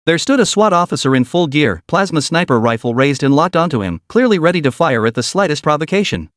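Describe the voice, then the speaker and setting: A man reading a story aloud as narrator in an even, steady storytelling manner. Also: on the high side, quick pace, no room sound, clean studio sound. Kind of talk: scripted audiobook narration.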